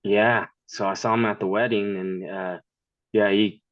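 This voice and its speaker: A man's voice: lowish voice, fairly even intonation, unhurried, dry recording, muffled recording. A man in his thirties, a podcast guest, chatting casually in a blunt, profane way and laughing often. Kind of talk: casual chat.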